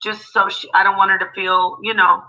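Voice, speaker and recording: A woman hosting a livestream panel, apologetic and placating as she calms things down. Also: medium pitch, a little fast. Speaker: livestream host. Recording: dull lo-fi stream audio.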